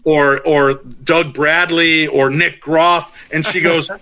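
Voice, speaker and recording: A middle-aged man telling stories as a podcast guest, animated and acting out the voices of the people in them. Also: fairly high pitch, slow pace, a crowd in the background, poor audio. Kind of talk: casual storytelling.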